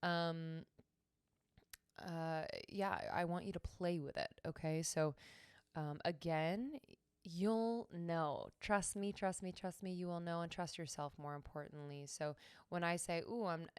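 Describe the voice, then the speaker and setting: A young woman hosting a solo wellness podcast, slow and soothing at times and then brisk and emphatic. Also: lowish voice, fairly even intonation, smooth, no echo, clean studio sound. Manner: slow, soothing guidance with hums and sung tones; breaks into brisk, emphatic pep-talk bursts. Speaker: podcast host.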